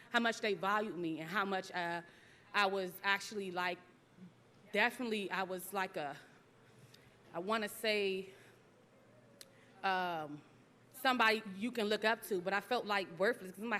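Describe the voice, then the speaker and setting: Bright-voiced woman giving a graduation speech. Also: medium pitch, fairly even intonation. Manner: emotional, halting, laughing between phrases. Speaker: graduating student.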